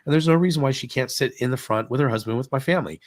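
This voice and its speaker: A middle-aged man casually telling a long story on a podcast, acting out what everyone said with lively shifts. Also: medium pitch, racing, no room sound. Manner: animated retelling, acting out dialogue.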